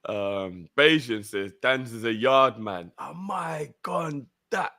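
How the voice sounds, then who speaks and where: A man's voice: mid-range voice, animated, takes it slowly, bright, forceful tone. A man co-hosting a casual live stream, reading out chat comments with teasing banter.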